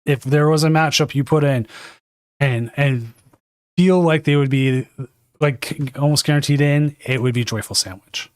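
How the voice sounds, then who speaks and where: A man's voice: fairly high pitch, moderate pace, clean tone, no room sound, studio quality. A man hosting and casting a live card game tournament from a home desk, chatting loosely and correcting himself as he goes. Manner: chatty and rambling, self-correcting. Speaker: tournament caster and stream host. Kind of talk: casual live game commentary.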